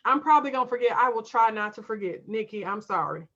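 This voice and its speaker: A woman's voice: a little high, expressive, fast, bright, forceful tone, muffled recording. A woman hosting a homeschool livestream, chatting casually with viewers and reading their comments aloud in an emphatic, folksy way.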